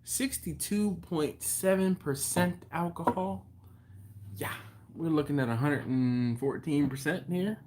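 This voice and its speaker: Man, live-stream host at home; loose, rambling chat greeting viewers by name; slightly high voice. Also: measured pace, darkish tone, slight background noise.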